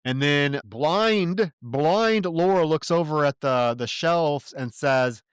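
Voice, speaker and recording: A man talks through a movie's plot on a podcast, his voice sitting a little high and recorded close and dry. He throws in sarcastic, profane jabs and briefly voices the characters as he goes. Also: expressive, takes it slowly, clear, resonant tone, dry recording. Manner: acts out characters' lines in quotes. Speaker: podcast co-host. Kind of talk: casual film-review podcast chat.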